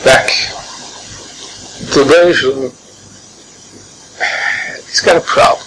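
A man teaching an informal Torah class, animated and joking, sprinkling in Hebrew and Yiddish terms. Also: medium pitch, measured pace, creaky, long pauses. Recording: noisy room recording.

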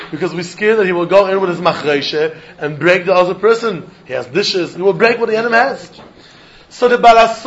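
Man, very high voice, Talmud lesson, lively questioning delivery, dull lo-fi sound. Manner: lively, questioning, uses Yiddish and Hebrew terms. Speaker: Talmud teacher. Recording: dull lo-fi recording.

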